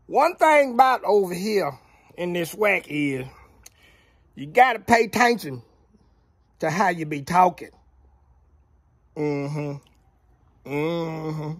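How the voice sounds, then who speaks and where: A man's voice: fairly high pitch, lively intonation, slow, long pauses, breathy edge, no echo. A man giving a casual football recap, drawling and playfully trash-talking. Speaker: sports commentator vlogger.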